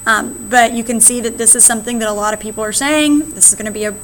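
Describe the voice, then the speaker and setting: An American woman teacher walks through history slides in a recorded lesson, often tagging "right?" onto her points. Her voice sits a little high. A faint hiss of noise runs under the recording. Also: steady tone, fast, a bit bright. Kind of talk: recorded classroom lecture.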